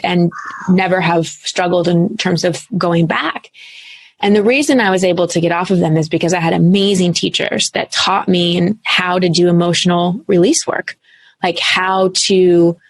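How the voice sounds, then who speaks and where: A woman in her thirties, a coach speaking as an interview guest, telling her story in an earnest, animated way with casual fillers. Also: fairly low pitch, no echo. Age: 30s. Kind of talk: candid interview talk.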